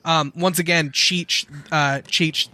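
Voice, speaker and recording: A man runs a tabletop game, narrating in a loose, filler-heavy way. His voice is slightly high and bright, and the recording is dry and close. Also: fairly even intonation, slow, dry recording. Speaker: game master.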